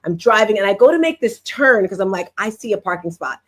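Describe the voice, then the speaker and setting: A middle-aged woman from New Jersey hosting a podcast, telling a story in a lively, animated way and acting out what others said. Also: medium pitch, fairly quick. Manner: lively, animated retelling with quoted voices. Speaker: podcast host. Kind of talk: casual storytelling to listeners.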